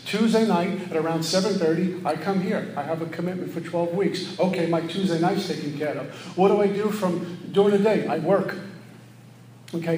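A middle-aged man giving an earnest, preachy share at a recovery meeting, often acting out his own thoughts in quick asides. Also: high voice, darkish tone, a little hiss or hum. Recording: echoey room with faint ambience.

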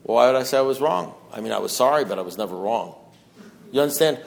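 A middle-aged man giving a twelve-step recovery testimony, talking in a loose conversational way with lots of fillers, dropping low and hushed, then rising to loud, raised outbursts. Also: lively intonation, fairly quick, vocal fry. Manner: conversational, fillers like "you know" and "deal", mimics voices. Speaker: recovering alcoholic sharing at a meeting.

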